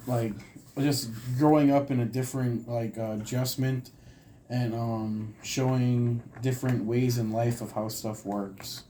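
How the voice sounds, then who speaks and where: A man's voice: mid-range voice, mellow, a little hiss or hum, poor audio. A young man interviewing on a casual podcast, talking hesitantly with many fillers. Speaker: student interviewer.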